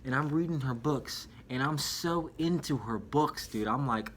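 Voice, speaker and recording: A man's voice: mid-range voice, a little slow, a bit bright, a little hiss or hum. A young man talking casually to camera about a book, rambling and chatty, often calling the viewer dude or man. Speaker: vlogger reviewing a book. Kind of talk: casual spoken review.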